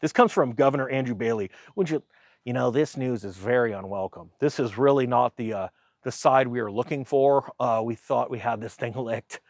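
A man's voice: mid-range voice, normal speed, darkish tone, dry recording, studio quality. A man giving a casual, sarcastic rant about the economy, mocking others in silly voices. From United States. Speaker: finance commentator.

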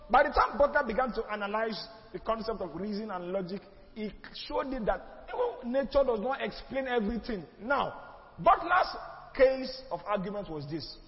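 Nigerian man, high voice, emphatic church history lecture, rhetorical questions, long echo, muffled lo-fi sound. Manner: emphatic, rhetorical questions, mixes in pidgin and Yoruba asides. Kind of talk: classroom lecture. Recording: echoey hall, muffled lo-fi sound.

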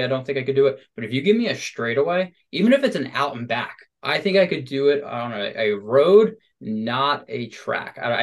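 A man hosting a podcast, talking in a chatty, upbeat and animated casual conversation. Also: mid-range voice. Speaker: podcast host.

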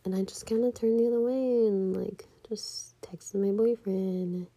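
A young woman telling a personal story in a casual, hushed way, often half-whispering and full of "like". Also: medium pitch, fairly even intonation, unhurried, husky.

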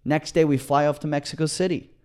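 A man co-hosting a comedy podcast, telling a long story in a casual, excited, rambling way with many restarts. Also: fairly high pitch, quick pace. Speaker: podcast co-host.

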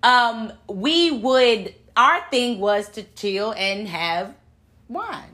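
A woman in her thirties telling a personal faith story in casual chat, animated and full of church talk. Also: a little high, very slow.

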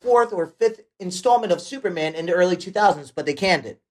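A woman co-hosting a casual podcast, trading quick jokes and one-liners. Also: on the low side, expressive. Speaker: podcast co-host. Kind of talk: casual chat.

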